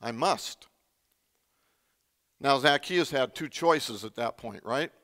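A man's voice: mid-range voice, animated, measured pace, fairly bright tone, big-room sound. A man preaching a sermon in a conversational way, often quizzing the congregation with questions. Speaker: pastor.

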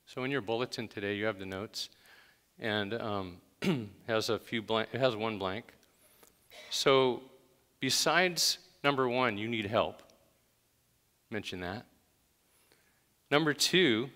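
A man's voice: medium pitch, slow pace, long pauses, fairly bright tone. A man preaching a conversational sermon to a church congregation, stressing each command with emphasis. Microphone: handheld microphone. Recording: long hall reverb.

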